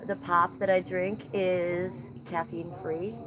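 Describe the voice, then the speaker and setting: A woman's voice: lowish voice, level tone, takes it slowly, a crowd in the background, low-quality recording. A woman from Ohio hosting a casual livestream, reading chat comments outdoors at night, blunt and playfully profane. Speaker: livestream host.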